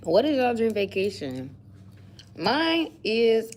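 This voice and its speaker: A woman's voice: mid-range voice, lively intonation, unhurried, long pauses, darkish tone. A young woman vlogging at work, chatting casually and musing aloud as she rambles from thought to thought. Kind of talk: casual chat to camera.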